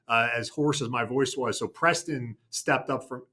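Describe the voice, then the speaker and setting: A TV news anchor co-hosts a casual station chat show, speaking at a moderate pace in a pushed and bright mid-range voice. He rambles through a long story, correcting himself with many restarts and fillers.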